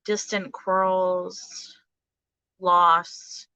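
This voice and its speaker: Halting woman giving a tarot reading. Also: on the low side, little pitch movement, pushed and bright, smooth, dry recording, dull audio. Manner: hesitant, halting, many fillers and restarts. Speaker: tarot reader. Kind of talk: casual live tarot reading.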